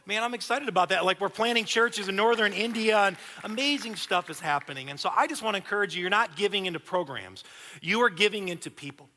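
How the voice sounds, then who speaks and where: Male pastor in his 30s, bright, slightly high voice, lively conversational sermon, long hall reverb. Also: quick pace, a little hiss or hum. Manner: animated, conversational preaching with repeated restarts. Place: church auditorium.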